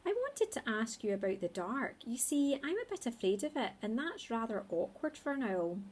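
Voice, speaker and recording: A woman's voice: on the high side, very animated, normal speed, a little mellow, slightly rough, pitched above the performer's own voice. A woman voicing a small, anxious baby barn owl boy who talks eagerly and earnestly.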